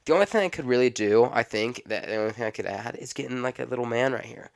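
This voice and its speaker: A man's voice: mid-range voice, fast talker, vocal fry. Rambling young man podcasting solo. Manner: rambling, unscripted, self-interrupting. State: coughing, clearing throat. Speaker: podcast host. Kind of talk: casual solo podcast chat.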